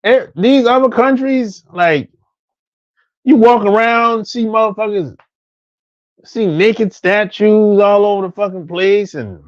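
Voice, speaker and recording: A man's voice: sits high, slow, no room sound, lo-fi sound. A man ranting casually, profane and repetitive, often laughing at his own stories. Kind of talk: casual rant.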